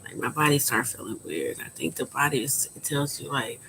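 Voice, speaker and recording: A woman in her thirties talking frankly and at length in a personal vlog, keeping her voice quiet and subdued and rambling with many fillers. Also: very deep voice, sing-song, a little fast, few pauses, slight background noise, poor audio. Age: 30s. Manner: quiet, subdued speaking volume. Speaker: vlogger. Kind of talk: candid personal vlog talk.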